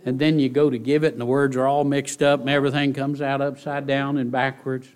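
A man preaching a sermon in church, folksy and animated, often asking the congregation rhetorical questions. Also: medium pitch, fairly quick, smooth. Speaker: pastor.

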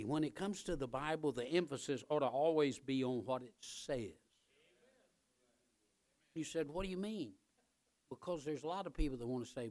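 A male pastor preaching a sermon in church, emphatic and repetitive, building up to loud, driving peaks. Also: mid-range voice.

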